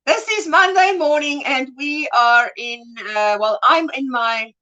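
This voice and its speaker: A woman with a high, bright voice co-hosts a relaxed crochet livestream. She reads viewer messages aloud affectionately and laughs often. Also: measured pace, muffled recording. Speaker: livestream co-host. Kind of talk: casual crochet livestream chat.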